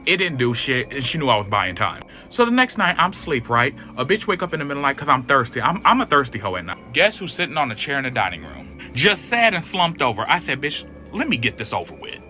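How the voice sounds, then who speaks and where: Animated, foul-mouthed male storyteller, quick and bright. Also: medium pitch, soft background music. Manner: animated, profane, acts out quotes. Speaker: storyteller in a played clip. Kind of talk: casual storytime.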